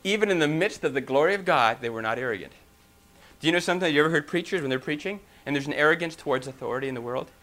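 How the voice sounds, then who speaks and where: Animated, bright-voiced male preacher. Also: fairly high pitch, rapid-fire. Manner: reads scripture then explains it with acted-out quotes; loud and animated in places. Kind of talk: sermon.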